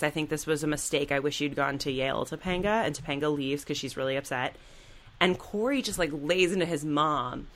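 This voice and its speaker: A woman's voice: deep voice, fairly bright tone. A woman co-hosting a podcast, chatting casually and animatedly retelling TV scenes. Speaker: podcast co-host. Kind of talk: casual chat.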